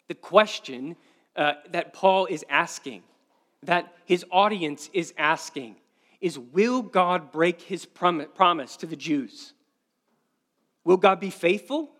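A male pastor preaching a sermon, earnest and repeating key phrases for emphasis, often slowing to a quiet stress. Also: high voice.

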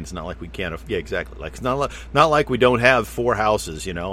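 A man's voice: fairly low pitch, animated, fast talker, few pauses, a bit bright, a little hiss or hum. A man in casual conversation, musing at length and rambling through his explanations. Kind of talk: casual chat.

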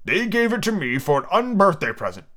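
A man's voice: sits high, big pitch swings, a little fast, fairly bright tone, voice pushed up. A man voicing a pompous, touchy male egg-shaped creature who talks down with scornful growls in an amateur podcast book reading. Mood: haughty.

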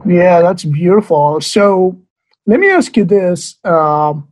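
A man's voice: sits high, slow, slight background noise. A man hosting an interview podcast, talking loosely with many fillers and asking long questions. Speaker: podcast host. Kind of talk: casual interview.

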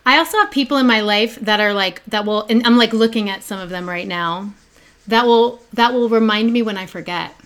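A woman's voice: on the high side, a little fast, fairly bright tone, smooth. A woman on a video call, adding short affirming remarks. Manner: brief affirming interjections.

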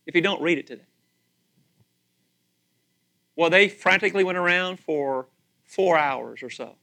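A middle-aged man preaching a sermon, animated, acting out voices and questioning his listeners. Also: fairly high pitch. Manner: animated, acts out voices, asks audience questions. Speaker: pastor.

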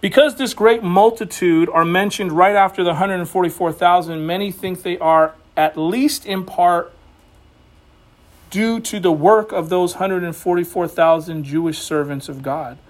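A man's voice: sits high, moderate pace. A man pastoring a church, preaching a sermon in a folksy, talkative way full of "you know"s. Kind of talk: conversational sermon. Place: church building.

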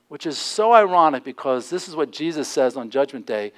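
Male pastor, church sermon, slightly high-pitched voice, conversational preaching, animated storytelling. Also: brisk, few pauses. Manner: conversational preaching, acts out the people he quotes.

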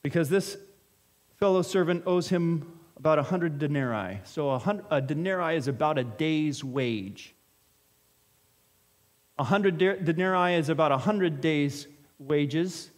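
A man's voice: on the high side, unhurried. A man preaching a sermon in a conversational way, explaining with everyday examples. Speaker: pastor.

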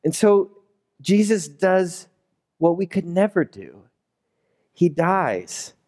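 A man's voice: sits high, big pitch swings, slow, darkish tone. A man preaching a sermon as a pastor, in a loose, conversational storytelling way. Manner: conversational storytelling, acting out characters.

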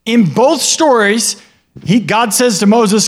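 Man, high voice, casual sermon, asks listeners questions, acts out the people he quotes. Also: animated, takes it slowly. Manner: conversational, asks the listeners questions and tags lines with "right?"; acts out what God and other people say in a livelier voice. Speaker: pastor.

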